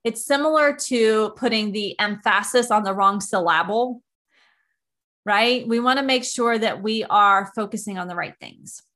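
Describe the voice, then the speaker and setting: A woman hosting a coaching podcast, explaining question techniques in a calm, instructional monologue with everyday analogies. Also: medium pitch, a little slow.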